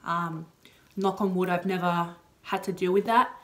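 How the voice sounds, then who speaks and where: A woman's voice: fairly low pitch, steady tone, moderate pace. A young woman answering personal questions in a casual, open video chat, full of "like" and "you know". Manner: chatty, heavy on "like" and "you know" fillers; open and emotional. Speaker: vlogger.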